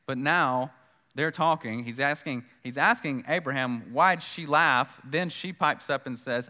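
A man's voice: medium pitch, measured pace, bright, forceful tone, big-room sound. A man preaching a sermon in a conversational way, repeating key points for emphasis and acting out the dialogue of scripture. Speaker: pastor.

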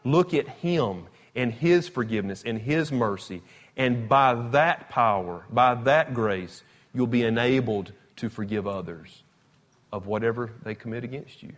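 Brief: man, casual Bible teacher, emphatic storytelling, mid-pitched voice. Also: unhurried. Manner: conversational, emphatic, retells scripture with animated quotes. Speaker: preacher. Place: church or classroom with slides.

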